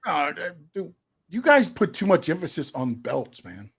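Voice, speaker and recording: A man co-hosting a casual wrestling podcast, skeptical and argumentative, firing back quick questions. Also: fairly high pitch, huge pitch swings, breathy edge. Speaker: co-host.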